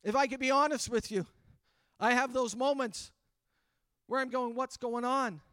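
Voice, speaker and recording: High, bright-voiced fervent man preaching. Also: fairly even intonation, moderate pace, no echo, studio quality. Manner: earnest, building fervor with repeated refrains. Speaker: pastor. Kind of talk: sermon. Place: church livestream during pandemic.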